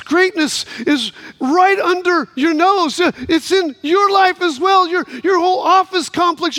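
A man with a very high voice delivers a sermon in a dry, close sound with no room echo. He tells his story animatedly, putting on the voices of each person in it. At the high points he climbs almost to a shout. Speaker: pastor.

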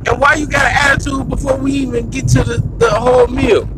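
A man hosting his own show, talking in an animated, rambling, slangy rant. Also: extremely high pitch, brisk, music in the background, rough recording. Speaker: podcast host. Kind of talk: ranting monologue.

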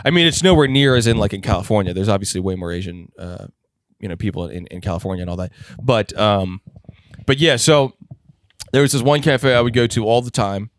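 A man's voice: on the low side, a little fast, no room sound, clean studio sound. A young man co-hosting a podcast, chatting casually in a rambling, crude way full of fillers. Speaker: podcast co-host.

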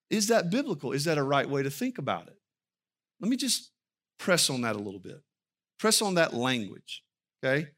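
Male pastor, conversational sermon delivery, bright tone. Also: on the high side, very animated, normal speed. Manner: conversational, asks the congregation questions.

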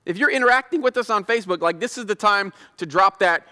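A man preaches in a loose, slangy, conversational way, and his voice is high for a man and bright. A long hall reverb trails behind each phrase. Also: fast. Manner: conversational, slangy, animated retelling. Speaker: pastor. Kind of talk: casual sermon with paraphrased scripture.

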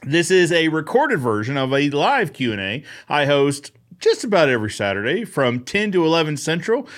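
With a fairly high, sing-song voice at a moderate pace, an upbeat man runs a live fencing Q&A show. He keeps the stream chat casual, welcoming viewers by name and responding to what they ask.

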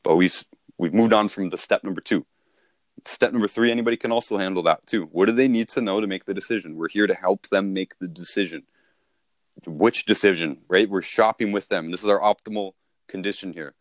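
A man's voice: low-pitched, brisk, dry recording, studio quality. A man talking casually as a sales coach, repeating and restarting himself as he explains.

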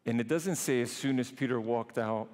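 A man preaching a sermon, emphatic, drawing some phrases out slowly and rushing others. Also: mid-range voice, darkish tone, long reverb tail. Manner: emphatic, shifts between slow and quick phrasing. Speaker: priest preaching.

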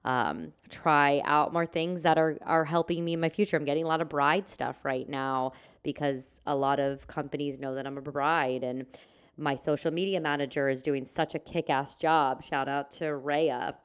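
Woman podcast host, low and smooth voice, chatty solo talk, rambling asides. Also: fairly even intonation, normal speed. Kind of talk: casual solo podcast chat.

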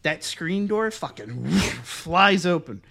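Slow and gravelly, this young podcast host's slightly high voice winds through a long, profane story in casual conversation. He gets animated and performs other people's lines in different voices.

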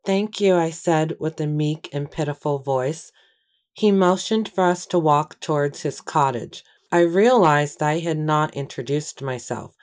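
Low-voiced woman narrating an audiobook. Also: a little slow. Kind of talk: first-person audiobook narration.

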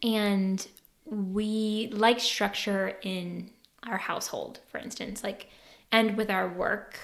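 A woman's voice: mid-range voice, fairly even intonation, takes it slowly, creaky. A young woman from California co-hosting a podcast, chatting casually, laughing often and filling her talk with "like". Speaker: podcast co-host.

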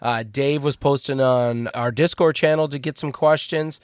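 A man co-hosting a casual tech podcast, animated and often trailing off mid-thought. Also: mid-range voice, moderate pace, clean tone, dry recording, studio quality. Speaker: podcast co-host. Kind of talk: casual chat.

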